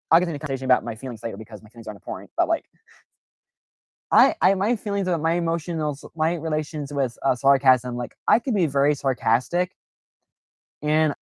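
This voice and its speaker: A man's voice: on the high side, no echo. A man chatting casually on his livestream, rambling with lots of fillers and restarts, sometimes jumping into playful exaggerated voices. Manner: animated, jumps into playful exaggerated quoted voices. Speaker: livestream host.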